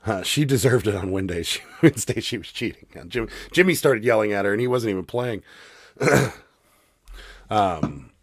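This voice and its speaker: A man co-hosting a casual live stream, hoarse from losing his voice, chuckling as he reads viewer comments aloud. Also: on the low side, animated, moderate pace, dry recording, studio quality. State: hoarse, voice mostly lost. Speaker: co-host of a live resale stream.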